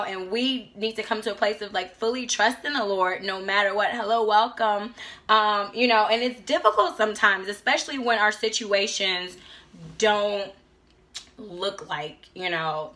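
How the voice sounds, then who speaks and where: Woman, 30s, cooking show host. Bright tone, chatty and encouraging, acts out quotes mid-story. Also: mid-range voice. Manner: chatty, many fillers, acts out dialogue. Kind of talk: casual cooking chat with faith encouragement. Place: home kitchen.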